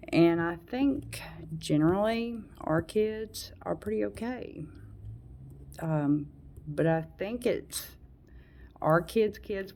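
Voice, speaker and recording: A woman's voice: low-pitched, gravelly, warm tone. A woman in her late forties venting frankly to camera in a rambling monologue, with blunt swearing and heavy sighs. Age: 40s. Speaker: vlogger.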